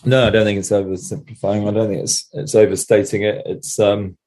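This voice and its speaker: Low mellow voiced guy, halting, kinda hunting for words. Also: level tone. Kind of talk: casual chat.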